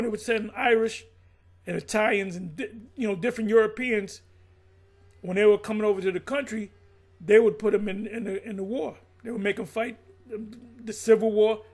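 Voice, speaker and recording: A middle-aged man preaching and riffing off what he reads aloud, blunt and profane, calling people out as he goes. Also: sits high. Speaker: religious teacher.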